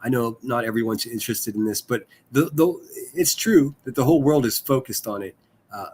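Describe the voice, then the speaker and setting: A man's voice: medium pitch, brisk, darkish tone, breathy edge. A man chatting casually on a live stream, rambling and swearing, full of fillers and restarts. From Pittsburgh area.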